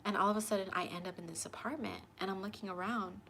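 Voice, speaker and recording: A young woman talks straight to camera, telling a personal story in a loose, chatty way. She acts out the back-and-forth of conversations. Her voice sits at a middle pitch over a faint background hiss. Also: fast talker. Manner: animated, acts out both sides of conversations. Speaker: tarot channel host.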